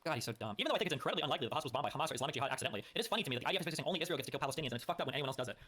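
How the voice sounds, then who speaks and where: A man's voice: fairly high pitch, expressive, rapid-fire, hardly any pauses, bright, forceful tone, slightly rough. A man streaming live, reading posts aloud and commenting bluntly with frequent swearing.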